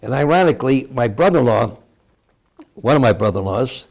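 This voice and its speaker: A man's voice: medium pitch, animated, a little fast, gravelly, darkish tone. A man in his eighties from Cleveland, Ohio, a veteran telling his story in an oral history interview, rambling and chuckling often. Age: 80s.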